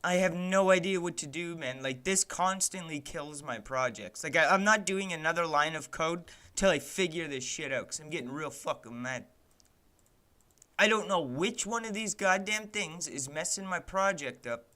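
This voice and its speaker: Speaking at a moderate pace in a fairly high pitch, this young man chats casually on stream while working on his game. He's fed up with his tools, cursing heavily and leaning on "like" and "man" as he vents at the software.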